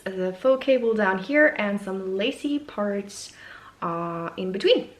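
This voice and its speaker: A woman, a knitwear designer hosting a casual video podcast, chatting in a gushing, enthusiastic and self-deprecating way. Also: medium pitch. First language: Norwegian. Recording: echoey room.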